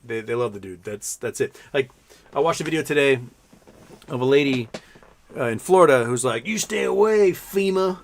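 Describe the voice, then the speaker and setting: A man's voice: medium pitch, moderate pace, long pauses, slight background noise. A man hosting a live stream in casual, sarcastic commentary, rambling with frequent restarts and mocking put-on voices.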